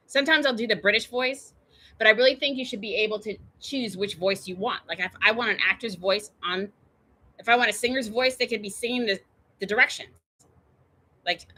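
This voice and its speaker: Bright-voiced woman telling a rambling story. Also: mid-range voice. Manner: chatty, meandering, full of tangents and fillers. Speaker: show host.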